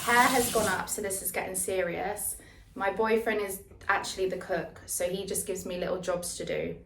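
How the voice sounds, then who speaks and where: A young woman chatting casually to her phone camera for a vlog, lively and a little rambling, using casual slang. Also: mid-range voice, moderate pace, gravelly, far from the mic. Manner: chatty, excitable, says "proper" and "bear with". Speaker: vlogger. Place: outdoors by the sea, then an apartment kitchen. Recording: echoey with loud background noise.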